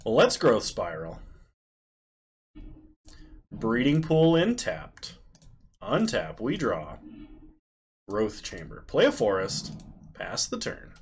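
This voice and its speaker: A man's voice: lowish voice, wildly swooping pitch, slow, pauses often, breathy edge. A man streaming himself playing an online card game, calling out each play in short clipped phrases as he goes. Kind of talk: live commentary on his own card game.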